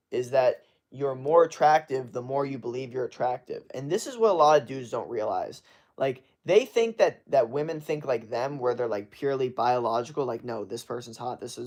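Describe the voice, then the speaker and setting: A man's voice: mid-range voice, a little mellow. A young man giving blunt, profane advice in a casual live-stream rant, full of fillers and emphatic swearing. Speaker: streamer answering chat.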